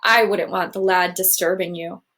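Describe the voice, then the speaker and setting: A woman reading the part of a plain-spoken ghost mother from long ago, homely and old-fashioned with a country manner. Her voice sits fairly low and speaks directly in a storybook reading. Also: steady tone, moderate pace, a bit bright. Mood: firm.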